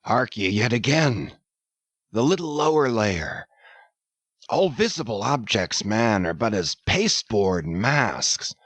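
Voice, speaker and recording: A man's voice: lowish voice, lively intonation, slow pace, a bit bright, husky, no room sound, exaggerated voice. A man voicing a ranting old sea captain. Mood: brooding. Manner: thundering, ranting declamation. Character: obsessed old whaling captain, fierce and vengeful. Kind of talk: audiobook character reading.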